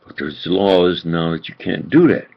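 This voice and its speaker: A man delivering an impassioned political rant as a self-styled preacher, swinging from low muttering to shouted outbursts and repeating himself for emphasis. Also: lively intonation, unhurried, vocal fry, husky, highs cut off. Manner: repetitive, emphatic.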